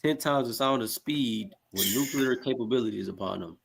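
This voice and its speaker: A man's voice: mid-range voice, normal speed, gravelly, husky. A man co-hosting a casual chat, sounding amazed and slangy while reading facts aloud.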